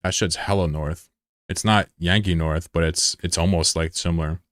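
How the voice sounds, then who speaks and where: A man's voice: deep voice, fairly even intonation, normal speed, no room sound, clean studio sound. A young American man chatting loosely with viewers on a stream, rambling and swearing freely. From USA. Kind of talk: casual chat with viewers.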